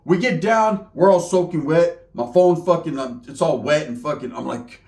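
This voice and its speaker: A man's voice: on the high side, moderate pace, darkish tone, roomy sound. A man telling a wild comedic story in casual street slang, cursing and acting out the people in it.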